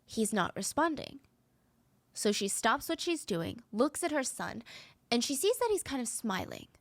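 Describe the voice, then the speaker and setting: A woman's voice: a little high, very animated, unhurried, no room sound. Woman, true crime podcast host; suspenseful, chatty narration in a dry, close voice. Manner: dramatic, suspenseful pacing with casual asides. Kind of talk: storytelling narration.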